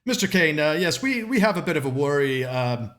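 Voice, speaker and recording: A man's voice: fairly high pitch, sing-song, brisk, fairly bright tone. A man voicing a formal, polite wealthy older businessman who stammers and repeats himself. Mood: courteous. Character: wealthy older male timber magnate, proper.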